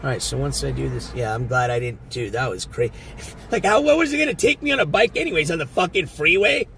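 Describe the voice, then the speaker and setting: A man's voice: on the high side, expressive, fast talker, creaky, sharp tone, slight background noise. A man live-streaming from inside a car, chatting casually with viewers, swearing often and rambling. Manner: profane, rambling, talks to his chat. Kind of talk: casual live-stream chat while driving.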